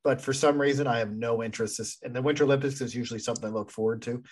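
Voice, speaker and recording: A man's voice: medium pitch, fairly even intonation, racing, darkish tone, breathy edge. A man co-hosting a casual sports chat, rambling and thinking aloud with plenty of fillers. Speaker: podcast co-host.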